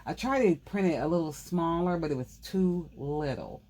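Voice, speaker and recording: A woman hosting a craft video, talking quickly in a rambling, casual way and often correcting herself mid-sentence. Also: deep voice, lively intonation, a little mellow. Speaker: craft channel host. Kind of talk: casual craft tutorial chat.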